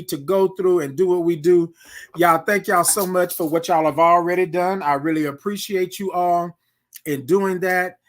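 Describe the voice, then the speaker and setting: Chatty high-voiced man hosting. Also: a bit bright. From Houston, Texas. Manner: chatty, tags lines with "right?" and "y'all", reads viewer comments aloud. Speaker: host. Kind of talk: casual livestream morning chat. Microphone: desk microphone he can move aside.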